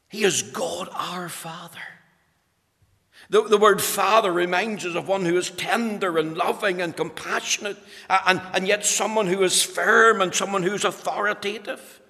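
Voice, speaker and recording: A man's voice: high voice, pushed and bright. A man preaching a sermon, fervent and rising to urgent emphasis. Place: church. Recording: long church reverb.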